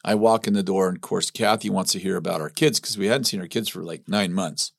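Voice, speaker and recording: A man's voice: low-pitched, quick pace, gravelly, no room sound, clean studio sound. A middle-aged man telling a personal story in a casual chat, animatedly acting out quotes with many restarts. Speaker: ministry leader telling his story.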